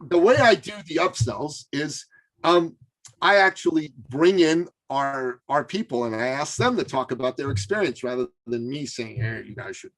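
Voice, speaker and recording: A man telling a story as an interview guest, animated and full of fillers and restarts. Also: a little high, normal speed.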